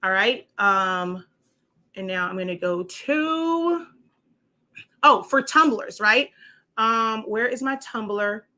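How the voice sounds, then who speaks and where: A woman's voice: mid-range voice, lively intonation, slow pace, long pauses, sharp tone. A woman hosting a casual crafting walkthrough, chatty and rambling as she shows her printed projects. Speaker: crafting show host.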